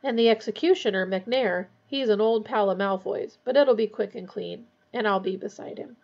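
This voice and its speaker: A woman voicing a large, grieving gamekeeper who speaks in a shaky, halting way. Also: mid-range voice, vocal fry, a little mellow, lo-fi sound.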